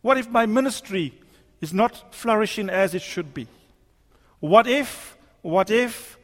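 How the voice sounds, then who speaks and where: A male preacher delivering a sermon in a church, using rhetorical repetition and emphatic pauses. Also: high voice. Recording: long hall reverb.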